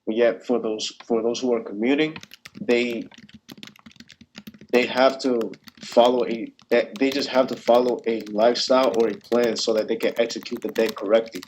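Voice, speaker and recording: A man's voice: mid-range voice, fairly even intonation, normal speed, a little mellow, slight background noise, poor audio. A young man speaking as a student panelist in a casual discussion, hesitant and full of restarts, over a video call. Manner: hesitant, many restarts and fillers.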